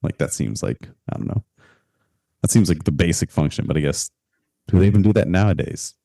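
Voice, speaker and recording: A man co-hosting a podcast in a relaxed, chatty way, full of fillers and light laughs. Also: low-pitched, brisk, vocal fry, no room sound. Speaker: podcast co-host. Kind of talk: casual podcast chat.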